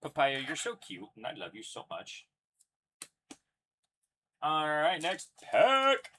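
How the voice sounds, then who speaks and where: A man's voice: on the high side, very animated, slow, pushed and bright, a little hiss or hum. A young man casually announcing each card pulled as he hosts a live card break, chatty and upbeat. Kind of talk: live card-opening commentary.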